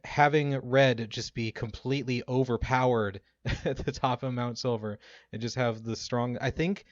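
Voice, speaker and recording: A man co-hosting a podcast in casual chat, animated and laughing often. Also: medium pitch, moderate pace, no echo. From Minnesota. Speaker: podcast co-host. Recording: dull lo-fi mic.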